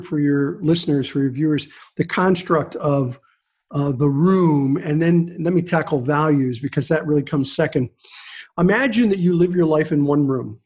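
A middle-aged guest author in a podcast interview tells stories animatedly, often restarting mid-thought. His voice runs on the high side with a breathy edge.

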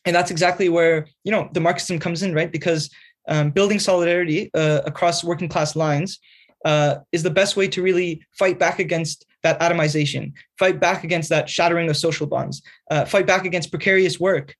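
A man's voice: a little high, steady tone, brisk. A man answering interview questions earnestly, explaining ideas at length and often checking in with "right?". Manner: earnest, lecturing, keeps adding "right?". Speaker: guest, magazine writer.

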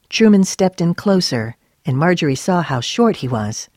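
Low-voiced woman narrating a story. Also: big pitch swings, normal speed, few pauses, a little mellow, no echo, clean studio sound. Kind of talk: scripted narration.

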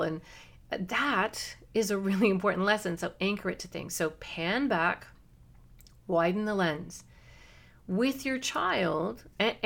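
A middle-aged woman hosting a parenting podcast, talking earnestly and coaching listeners with quick asides. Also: medium pitch, vocal fry. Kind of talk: solo podcast talk.

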